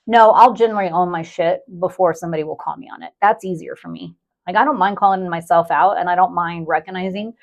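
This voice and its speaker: A woman's voice: lowish voice, fast talker, dull audio. Candid, laughing woman podcast co-host. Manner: candid, profane, laughs often. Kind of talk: casual chat.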